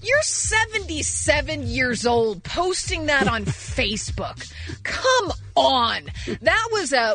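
A woman co-hosting a radio show, reading entertainment news in casual chat, animated and sarcastic, quick to laugh. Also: sits high, soft background music.

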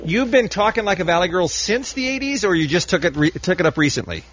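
A man's voice: high voice, very animated, fast, fairly bright tone, faint music behind. A man co-hosting a morning radio show, needling the callers with joking questions. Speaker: radio co-host. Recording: slightly dull radio broadcast.

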